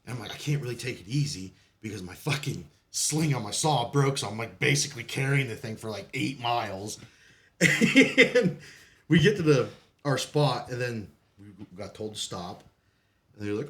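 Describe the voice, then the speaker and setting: A man's voice: medium pitch, animated, moderate pace, fairly bright tone. Profane laughing man swapping war stories. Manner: profane, laughs often between lines. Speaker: podcast guest, Marine veteran. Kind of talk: casual storytelling.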